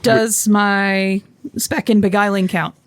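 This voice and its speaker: A woman playing a tabletop game, talking in calm, curious questions. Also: medium pitch, takes it slowly, a little hiss or hum. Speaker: player. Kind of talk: casual tabletop roleplay.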